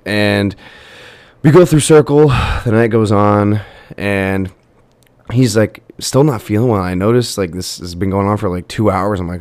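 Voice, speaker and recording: Young guy podcast host, low voice, rambly storytelling full of likes and ums, dry mic. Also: measured pace, no room sound. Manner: rambling, filler-heavy, animated retelling. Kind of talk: casual storytelling.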